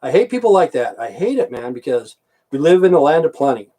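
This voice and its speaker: A man's voice: a little high, big pitch swings, brisk, dark tone. Profane, ranting American man. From United States. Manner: profane, repetitive, heated. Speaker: vlogger. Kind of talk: angry ranting monologue.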